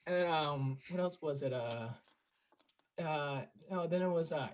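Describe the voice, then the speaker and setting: A young man with a slightly high voice hosts a relaxed comedy podcast. He rushes through retold jokes, slips into short impressions of other people and laughs along the way. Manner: animated retelling of jokes with quick impressions and laughter. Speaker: podcast host. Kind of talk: casual comedy chat.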